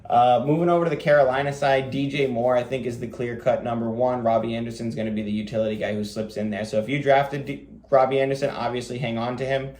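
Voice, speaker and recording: Guy rattling off fantasy football takes, lots of ums, mid pitch, roomy echo. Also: fairly even intonation, darkish tone. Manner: rapid, rambling delivery with many fillers. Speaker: fantasy football podcast host. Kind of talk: casual solo commentary.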